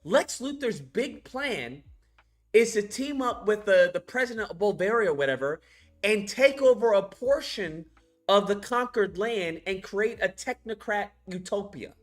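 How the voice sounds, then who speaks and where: A man's voice: sits high, unhurried, soft background music. A man casually recapping a film scene by scene, swearing a lot and acting out the characters as he goes. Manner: profane, animated, retells scenes by acting them out. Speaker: film reviewer.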